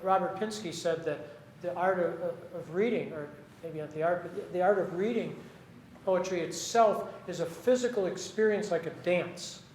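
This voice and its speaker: A poet talking with his audience after a reading, his voice sitting high for a man. He rambles in a friendly, halting way, restarting sentences as he goes. The room rings with echo and a faint hum lies behind him. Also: darkish tone.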